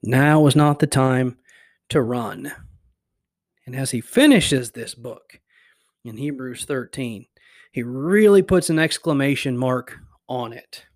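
A man's voice: mid-range voice, slow, long pauses. A man preaching a sermon, emphatic, building through repeated phrases. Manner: emphatic, repetitive preaching cadence.

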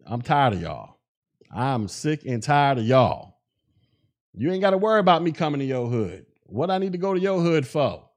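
A man's voice: mid-range voice, sing-song, moderate pace. A man hosting a podcast, speaking in with blunt, mocking commentary and laughing at his own jokes. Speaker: podcast host. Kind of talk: casual commentary.

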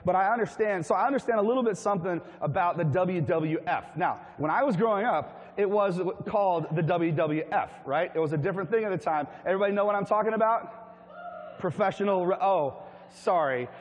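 A man from Tennessee preaching a humorous storytelling sermon, chatty and animated, asking his congregation questions. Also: high-pitched, brisk, big-room sound. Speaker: pastor. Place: church hall with a congregation.

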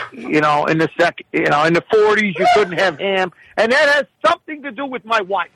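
Profane, animated man telling stories. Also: high-pitched, fairly quick, rough recording. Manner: profane, animated, rambling asides. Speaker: regular of the show. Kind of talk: casual comedic storytelling.

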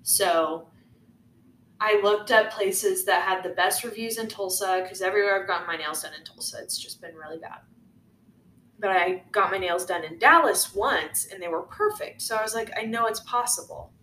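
A woman's voice: mid-range voice, moderate pace. A young woman co-hosting a podcast, telling a story in a casual, chatty way with lots of "like". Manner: chatty, lots of "like", animated retelling. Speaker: podcast co-host. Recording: echoey room, faint noise.

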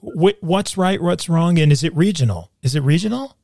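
A man's voice: fairly high pitch, lively intonation, moderate pace, gravelly, dark tone, dry recording, clean studio sound. A man from New York hosting an interview, playful and joking as he teases his guest. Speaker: interviewer, host. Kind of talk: interview conversation.

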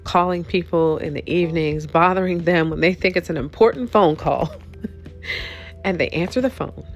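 Woman podcast host, low voice, salty comic rant, soft music underneath. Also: normal speed, lo-fi sound. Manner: candid, profane, laughing often. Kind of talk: comedic storytelling rant.

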